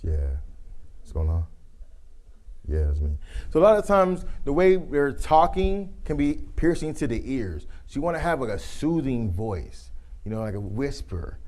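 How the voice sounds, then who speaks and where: A man presenting a leadership communication workshop to a live group, telling animated stories and acting out the people he quotes. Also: on the high side, moderate pace. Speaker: youth football coach.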